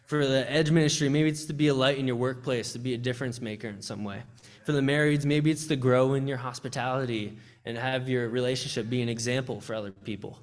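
A man's voice: medium pitch, steady tone, quick pace. A young man giving a heartfelt church testimony and sermon, speaking earnestly with frequent restarts. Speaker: campus ministry speaker. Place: church service.

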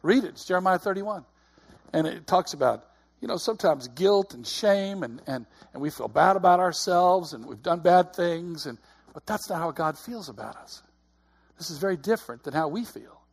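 A middle-aged man delivers a sermon in an earnest, chatty way. His voice sits a little high with a husky edge. He often restarts and repeats his words. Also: animated, normal speed. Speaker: preacher.

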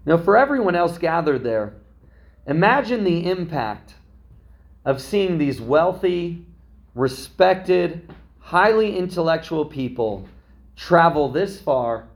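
Speaking slowly in a voice on the high side, a pastor preaches with great animation, keeping it conversational and frequently asking "right?" to check in with his listeners. He is a parent, likely young adult to middle-aged.

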